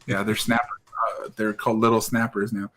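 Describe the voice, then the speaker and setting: A man's voice: fairly low pitch, level tone, brisk, a bit bright. A man co-hosting a podcast, chatting casually, joking and laughing, swearing freely. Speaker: podcast co-host. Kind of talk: casual chat.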